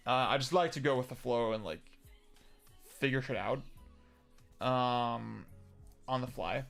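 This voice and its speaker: Responding to viewer comments, the young livestream host rambles casually, full of fillers, restarts and casual curse words. He has a medium pitch with vocal fry and a fairly bright tone.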